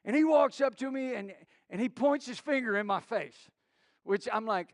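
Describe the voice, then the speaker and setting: High-voiced pastor telling stories. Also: male voice, normal speed, dry recording, studio quality. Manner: storytelling with many restarts and acted quotes. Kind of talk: sermon.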